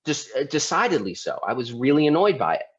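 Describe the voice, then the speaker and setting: Brief: male lecturer, mid-pitched, chatty, dull muffled recording. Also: sing-song, quick pace. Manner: conversational, asks the audience questions. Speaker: lawyer and speaker. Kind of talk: lecture presentation. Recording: dull lo-fi sound.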